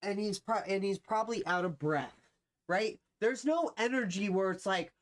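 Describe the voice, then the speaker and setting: A young adult man with a high voice talks at a normal speed to his livestream viewers. His chatter is casual, rambling, and slangy, full of swearing and fillers.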